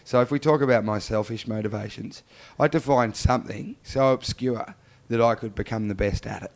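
A man's voice: mid-range voice, a little fast. An Australian man, a guest on a casual chat show, talking in a laid-back, self-mocking way with lots of agreeing fillers. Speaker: guest, actor and charity unicyclist.

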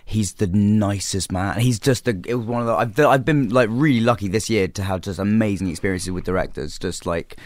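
A young English man chatting as a guest in an interview, talking in quick bursts full of fillers and restarts. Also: fairly low pitch, no echo. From England. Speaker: actor guest. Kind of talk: casual interview chat.

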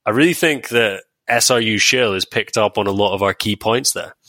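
Wry low-voiced podcast host. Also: male voice, normal speed, pushed and bright, no echo. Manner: wry, chatty, reading out plugs with many ums. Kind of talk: casual podcast chat.

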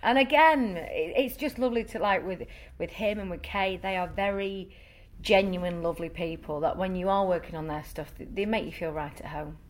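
A woman with a lowish voice, speaking at normal speed, appears as an actress guest in a casual interview. She talks freely and often checks in with "you know."

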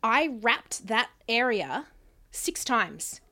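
A woman's voice: fairly high pitch, big pitch swings, extremely slow, bright, forceful tone. Chatty woman telling stories. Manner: chatty storytelling, laughs often. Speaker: podcast co-host. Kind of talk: casual chat.

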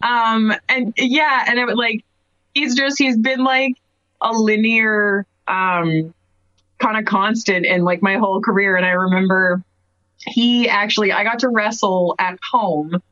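A woman's voice: medium pitch, steady tone, measured pace, sharp tone, no room sound. Cape breton woman in her 30s gabbing thru a story, lots of likes and giggles, dry dull podcast sound. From Canada, Cape Breton. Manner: chatty storyteller, many "like"s, laughs often. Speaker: guest wrestler. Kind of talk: casual interview chat.

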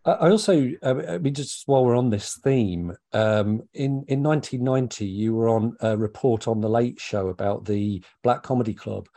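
Mellow-voiced polite male interviewer. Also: mid-range voice, moderate pace, few pauses. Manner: polite, probing questions. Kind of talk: oral history interview.

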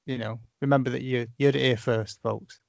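A man's voice: medium pitch, fairly even intonation, brisk, vocal fry, no room sound. A man hosting a casual interview, asking questions in an easygoing way. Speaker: podcast host. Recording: dull lo-fi, dry.

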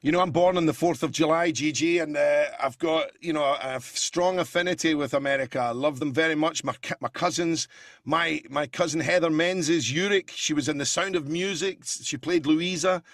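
A man's voice: fairly high pitch, brisk, a bit bright, no room sound, clean studio sound. A Scottish man who is an impressionist, chatting casually in an interview and telling anecdotes. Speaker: impressionist guest.

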